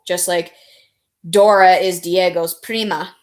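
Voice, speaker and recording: A woman's voice: on the low side, normal speed. A woman streamer chatting casually, rambling and answering her viewers. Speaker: live streamer. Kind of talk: casual live stream chat.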